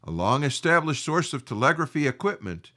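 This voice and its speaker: A man presenting a radio history segment in scripted narration, reading in a measured, deliberate way. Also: a little high, very animated, sharp tone.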